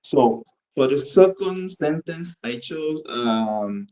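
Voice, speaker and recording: A man's voice: a little high, animated, slow pace, warm tone, poor audio. Male student presenting homework carefully. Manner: careful, methodical explanation. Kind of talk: presenting class exercise.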